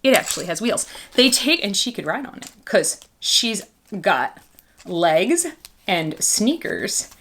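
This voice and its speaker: A woman's voice: mid-range voice, sing-song, takes it slowly, fairly bright tone, a little hiss or hum. A woman doll collector vlogging casually, chatty and goofy, rambling between reviewing a doll and telling a family story.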